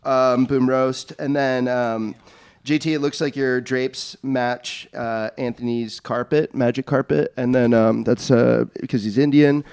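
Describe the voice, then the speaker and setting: A man judging a comedy contest, reeling off roast jokes in a deadpan way with many ums. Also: mid-range voice, a little slow, creaky, clear, resonant tone, no room sound.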